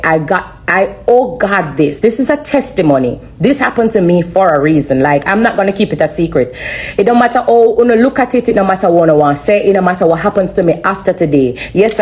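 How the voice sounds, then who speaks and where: A woman giving an earnest, halting personal testimony on a live stream, often repeating herself. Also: on the low side, darkish tone. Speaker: livestreamer sharing a testimony.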